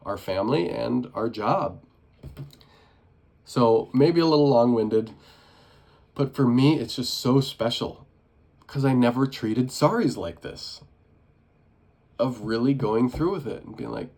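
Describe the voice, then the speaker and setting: Earnest rambling young man with gravelly voice. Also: on the low side, a little mellow. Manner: rambling, earnest, many restarts and fillers. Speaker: vlogger. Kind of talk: casual personal vlog reflection.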